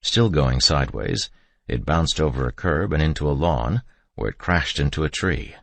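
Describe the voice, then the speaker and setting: A male narrator reads a first-person horror audiobook with a strikingly deep, low voice. His delivery is steady and measured, recorded close and dry with no room sound. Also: dry recording.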